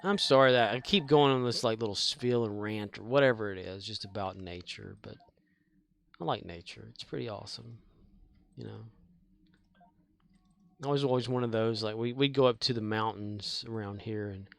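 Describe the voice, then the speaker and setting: A man's voice: on the low side, moderate pace, creaky, a bit bright. Folksy rambling man chatting while gaming. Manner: meandering storyteller with frequent fillers and restarts; mild profanity, folksy. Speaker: game streamer.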